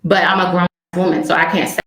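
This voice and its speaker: A woman's voice: fairly low pitch, flat delivery, fast talker, fairly bright tone. A young woman telling a personal story as an interview guest, rambling and candid. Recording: roomy echoey recording.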